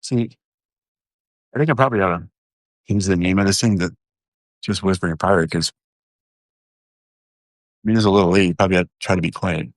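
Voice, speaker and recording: Deep-voiced man rambling on a live stream. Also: brisk, long pauses, no echo, clean studio sound. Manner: rambling, loose, full of fillers and restarts; joking, talks directly to viewers. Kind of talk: casual live-stream chat.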